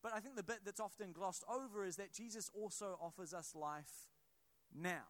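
A high-pitched man preaching in a church, talking with his congregation rather than at it. He stumbles through restarts and tosses in quick asides as he explains a passage. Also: a bit bright. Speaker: pastor. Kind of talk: sermon.

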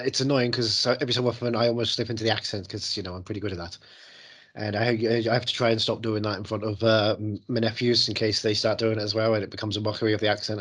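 A lowish-voiced man joking casually on a podcast. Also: a bit bright. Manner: joking, rambling, swears freely. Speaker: podcast co-host. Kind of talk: casual chat.

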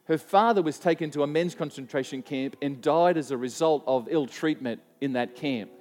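A man's voice: a little high, normal speed, a little mellow, in a large hall. A man preaching a sermon to a church, telling a story earnestly and often restarting his sentences. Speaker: pastor.

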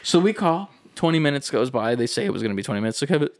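A young man casually telling a long story, animated and profane, acting out the people in it. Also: medium pitch, racing, no echo, clean studio sound. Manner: animated, swearing, acts out voices in his stories.

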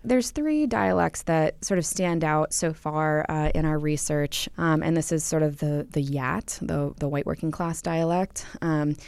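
Low-voiced, smooth-sounding woman researcher. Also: a little slow, few pauses, darkish tone, no room sound. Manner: thoughtful, many ums and uhs, explaining with examples. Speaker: linguistics researcher. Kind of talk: explanatory interview answers.

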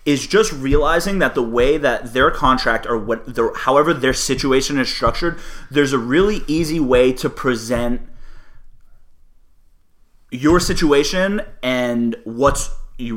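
A man's voice: medium pitch, moderate pace, a bit bright. Argumentative man debating sports. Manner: argumentative, mocking, tells long hypotheticals. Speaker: sports talk co-host.

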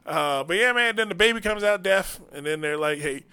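High voiced guy joking around on a podcast, loud n animated, bright sharp sound. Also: fairly quick, smooth. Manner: loud, animated, does movie impressions. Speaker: podcast co-host. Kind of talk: casual comedic banter. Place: podcast studio.

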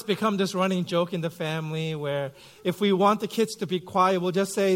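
Higher-voiced man preaching a sermon. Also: normal speed, few pauses. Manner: conversational storytelling with frequent fillers. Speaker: pastor. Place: church sanctuary.

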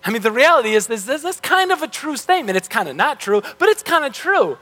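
A man's voice: very high-pitched, big pitch swings, fast talker, sharp tone, big-room sound. A male pastor giving a sermon in a loose, conversational way with frequent restarts, heard in a church. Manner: casual, conversational, self-correcting.

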